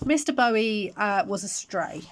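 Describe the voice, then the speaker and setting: A woman's voice: mid-range voice, expressive, moderate pace, a little hiss or hum. Chatty woman rambling through a haul. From England. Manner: chatty, rambling, breaks off to react to items. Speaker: vlogger. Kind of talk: casual chatty haul video. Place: home room with natural lighting.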